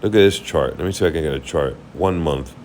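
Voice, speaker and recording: A man's voice: very deep voice, quick pace, darkish tone, slight background noise. A tired man rambling casually through a market recap, thinking aloud while he checks charts. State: tired, yawning. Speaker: market commentary host.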